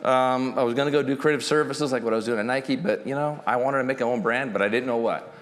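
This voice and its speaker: A middle-aged man telling the story of how he started his company, animated and joking, often acting out the voices of the people he quotes. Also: mid-range voice, fast talker. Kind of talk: storytelling talk to an audience. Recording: hall reverb.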